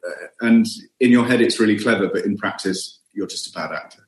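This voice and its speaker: A man's voice: on the low side, brisk, reverberant. A man with a British accent, an actor guest chatting casually and self-deprecatingly. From Britain. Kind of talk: casual podcast chat.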